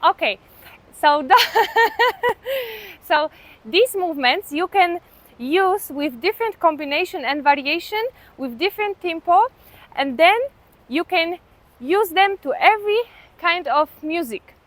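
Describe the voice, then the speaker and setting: A woman teaching belly dance on a beach outdoors, calmly counting beats aloud in simple, non-native phrasing. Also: very high voice, measured pace, no room sound. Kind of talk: step-by-step dance lesson with counting.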